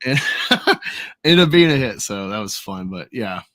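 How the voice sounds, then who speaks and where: A man's voice: fairly low pitch, big pitch swings, measured pace, a bit bright, no room sound, clean studio sound. A man hosting a casual chat, rambling and laughing often.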